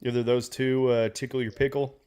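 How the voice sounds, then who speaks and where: A man's voice: mid-range voice, little pitch movement, brisk, warm tone, smooth. A man from Oklahoma hosting a podcast, chatting casually about football with loose, profane jokes while having a drink. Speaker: podcast host. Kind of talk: casual sports podcast chat.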